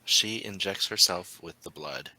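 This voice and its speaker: A man running a tabletop role-playing game as storyteller, narrating in an unhurried, halting way with frequent ums. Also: low-pitched, bright, forceful tone, rough recording.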